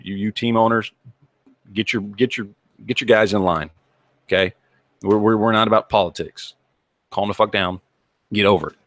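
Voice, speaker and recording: A man's voice: on the low side, a bit bright, no room sound, studio quality. A man hosting his own channel, delivering a heated, profane rant to camera and repeating himself as he goes. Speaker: channel host.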